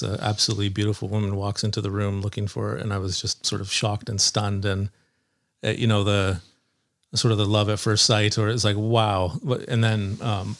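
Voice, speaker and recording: A man who works as a lawyer, speaking as an interview guest in a measured, hesitant way with frequent pauses. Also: lowish voice, vocal fry. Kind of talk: conversational interview.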